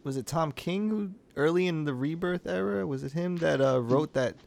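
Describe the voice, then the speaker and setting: A man's voice: on the high side, moderate pace, gravelly, darkish tone. A man in a casual podcast chat, talking like an enthusiastic fan and laughing readily.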